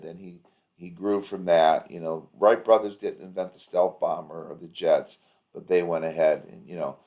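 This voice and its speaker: Low-voiced man giving a rambling pep talk. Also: darkish tone. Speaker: practice coach. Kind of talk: casual coaching chat. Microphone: video call.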